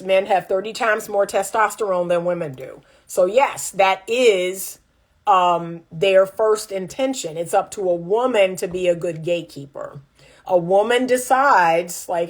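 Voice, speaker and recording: A woman relationship coach chatting casually and reading viewer comments. She is emphatic and repeats lines for punch. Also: medium pitch.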